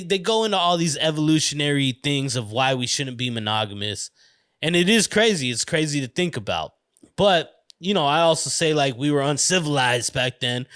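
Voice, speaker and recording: A man's voice: mid-range voice, fairly bright tone, no echo, clean studio sound. A man with a US East Coast accent hosting a podcast alone, rambling in a loose, profane, casual monologue and often breaking into laughter. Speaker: podcast host.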